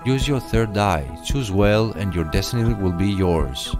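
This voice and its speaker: A pompous knight of a secret order. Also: male voice, fairly low pitch, animated, measured pace. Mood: grandiose. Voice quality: grandiose, theatrical, bursts into game-show host patter. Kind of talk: video game voice acting. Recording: game audio over loud music.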